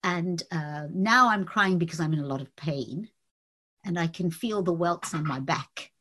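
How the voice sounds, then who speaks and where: Husky woman telling her testimony. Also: lowish voice, fairly bright tone. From Indian family. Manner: earnest, reflective, halting with fillers. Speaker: testimony speaker. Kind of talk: personal testimony storytelling.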